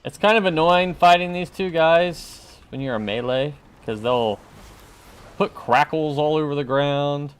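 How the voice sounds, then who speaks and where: A man's voice: a little high, unhurried, clean tone. A man chatting casually while streaming a game, joking and talking back to enemies on screen. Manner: joking, talks to game enemies, hums along. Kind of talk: casual gameplay commentary.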